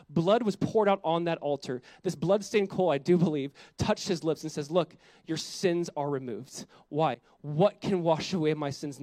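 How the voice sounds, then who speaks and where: A man's voice: on the high side, a little mellow, no echo, rough recording. Earnest man preaching a sermon. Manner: earnest, conversational preaching with rising intensity. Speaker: pastor.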